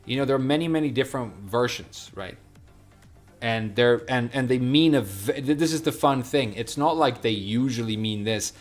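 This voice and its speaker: A man talks loosely and at length while streaming, his voice sitting at an ordinary middle pitch. He rambles, drifts between tangents and answers his chat. Soft music plays quietly underneath him. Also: moderate pace. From Sweden. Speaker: game streamer.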